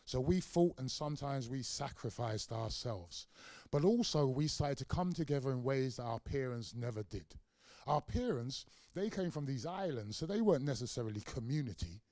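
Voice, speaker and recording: A man's voice: mid-range voice, darkish tone, dry recording. A man in his sixties with a London accent gives a public lecture, telling stories with passion and acting out the dialogue. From London, England. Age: 60s. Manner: passionate storytelling, acts out dialogue. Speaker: community activist lecturer. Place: lecture room.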